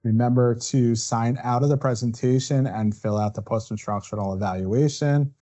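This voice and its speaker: A man's voice: mid-range voice, fairly even intonation, normal speed, warm tone. A man presenting a legal webinar as a defense attorney. He walks through the steps one by one and checks in with asides like "right?". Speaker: workers' compensation defense attorney.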